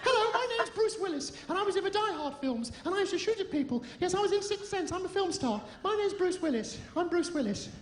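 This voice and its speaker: A man putting on a deliberately poor impression of a boastful male action-film star. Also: very high voice, expressive, roomy sound, noisy background, pitched above the performer's own voice.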